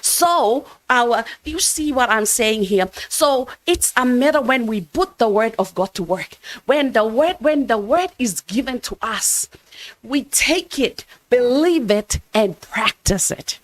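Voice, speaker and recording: A woman's voice: fairly high pitch, animated, takes it slowly. A woman preaching a sermon at a church service, earnest and emphatic, often restarting her phrases. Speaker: church minister.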